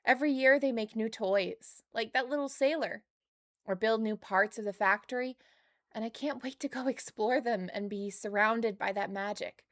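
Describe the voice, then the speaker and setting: A woman's voice: on the high side, normal speed, fairly bright tone, dry recording, clean studio sound, lightly acted. A woman reading aloud the diary of an eleven-year-old girl, lightly raising her voice for the child. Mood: wistful.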